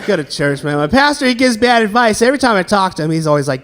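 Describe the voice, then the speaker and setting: Speaking fast and very animatedly, a stand-up comic in his thirties with a Southern American background works the crowd between self-deprecating bits. His voice sits high and sounds a bit bright, set against audience laughter at the venue.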